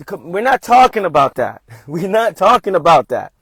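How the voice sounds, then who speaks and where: Man, motivational livestream talker, a bit high-pitched, emphatic and repetitive, dry close sound. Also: very animated, normal speed, fairly bright tone, slightly rough, no echo. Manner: emphatic, repetitive, calls listeners "fam". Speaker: motivational speaker.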